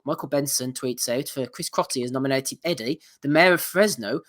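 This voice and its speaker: A man's voice: mid-range voice, brisk, a bit bright. A man hosting a podcast, reading out listener nominations in casual chat and laughing often.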